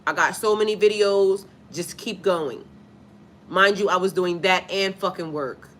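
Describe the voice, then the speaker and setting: In a laid-back live stream, a woman with a child who works as a spiritual life coach speaks with blunt, profane emphasis and pauses to read viewer comments. Her mid-range voice is a bit bright and steady in tone at normal speed, with a little hiss or hum.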